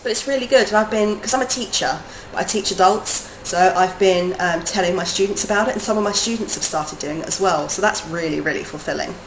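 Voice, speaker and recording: A woman's voice: mid-range voice, a little fast, hardly any pauses. Chatty woman streamer laughing often. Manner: chatty, laughs often, drifts from soft to lively. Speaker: streamer and adult-education teacher. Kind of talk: casual live-stream chat. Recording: roomy echo, faint background noise.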